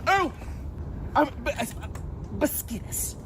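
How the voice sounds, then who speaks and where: A man's voice: very high-pitched, very animated, slow pace. A man whines and huffs his way through a comic skit, playing it up for the camera. Traffic and outdoor noise fill the background of the clip. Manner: theatrical, whiny. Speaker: internet skit performer. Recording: noisy outdoor phone clip.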